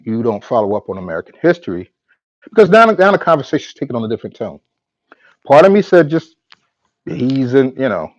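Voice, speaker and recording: A podcast host with a mid-range, darkish voice recounts a conversation in a casual monologue, acting out both sides of the exchange. He's halting, repeating words and frequently stopping and restarting his sentences. The audio has no room sound and its highs are cut off.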